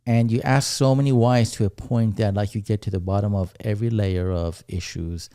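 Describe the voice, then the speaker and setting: A man co-hosting a podcast, talking things over in a reflective, unhurried way. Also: on the low side, steady tone, dark tone, dry recording, clean studio sound. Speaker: podcast co-host. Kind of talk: casual chat.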